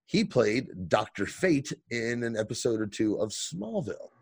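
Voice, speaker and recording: A man co-hosting a podcast, recapping a TV episode in casual, profane, animated chat. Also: mid-range voice, a little slow, breathy edge, dry recording. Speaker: podcast co-host.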